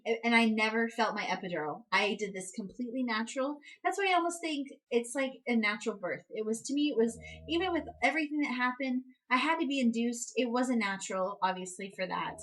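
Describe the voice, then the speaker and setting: A woman's voice: lively intonation, a little fast, hardly any pauses, fairly bright tone, poor audio. Chatty young woman telling a story. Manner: chatty, many "like" and "um" fillers, reenacts quotes with high outbursts. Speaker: vlogger, new mother. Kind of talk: casual storytelling to camera.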